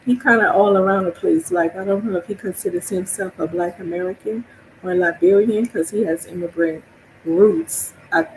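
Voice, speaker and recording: A woman's voice: on the low side, normal speed, slight background noise, rough recording. A woman from New Orleans with a New Orleans accent, streaming a casual monologue, chatty and laughing often as she acts out her own reactions.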